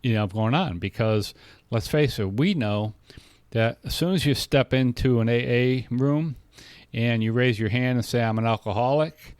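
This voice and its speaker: A man with a medium-pitched, somewhat dark voice co-hosts a relaxed recovery podcast, speaking at normal speed. He rambles, restarts repeatedly, and acts out conversations by quoting what others said. The recording is dry.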